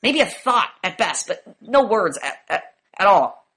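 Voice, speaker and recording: Woman instructor, bright and forceful, swears freely, pushes the class with rapid questions. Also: medium pitch, big pitch swings, husky. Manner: profane, emphatic, rapid rhetorical questioning. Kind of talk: classroom lecture.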